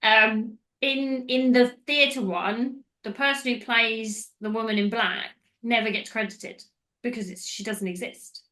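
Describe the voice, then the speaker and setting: A woman's voice: on the high side, steady tone, a little slow, pushed and bright. A woman hosting a podcast, recapping a film in casual, rambling chat that goes off on tangents. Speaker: podcast host.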